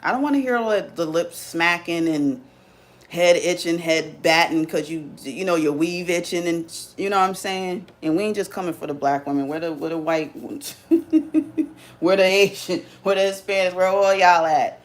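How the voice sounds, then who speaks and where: Hosting a live stream, a woman with a slightly lower voice talks straight to her viewers at a moderate pace. Her loose, casual monologue comes across as sassy and teasing, packed with slang.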